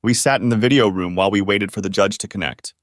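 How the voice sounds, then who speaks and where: A man narrating a first-person revenge story in an expressive reading voice. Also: on the low side, fast, no echo, studio quality.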